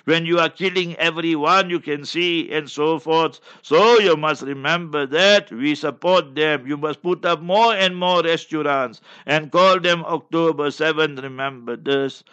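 A man's voice: on the high side, measured pace, hardly any pauses, pushed and bright. A South African man, an Islamic scholar, giving fiery religious commentary in a combative, scornful way with many repeated phrases. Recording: dull lo-fi recording.

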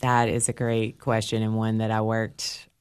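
A woman guest, a library director and former teacher, speaking thoughtfully and in a measured way. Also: rumbling low, completely flat delivery, darkish tone, smooth. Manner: thoughtful and measured when explaining. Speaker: library director and bookshop board member, guest. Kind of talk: interview conversation.

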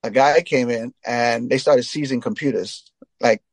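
A man from Trinidad tells stories in a loose, rambling interview, dotting his talk with "you know". His voice sits at an ordinary pitch for a man, recorded close and dry with no room sound. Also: measured pace, no echo. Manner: rambling, frequent "you know" fillers, laughs while telling stories. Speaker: interview guest, reggae singer. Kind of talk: casual storytelling interview.

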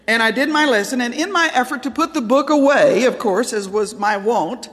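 A woman speaker telling a personal story in an animated way, with laughing asides, in a large hall. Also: on the high side. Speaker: Christian speaker and author. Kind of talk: storytelling talk.

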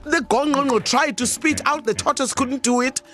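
A woman's voice: high-pitched, normal speed, a bit bright, soft background music. A woman with a South African accent telling a folk tale in a playful way, laughing along as she goes. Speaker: storyteller. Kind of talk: oral storytelling.

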